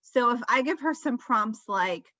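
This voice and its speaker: Bright-voiced woman presenting a parenting webinar. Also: fairly high pitch, expressive, a little slow, no room sound. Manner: conversational and explanatory, gives relatable examples. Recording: slightly dull lo-fi, dry sound.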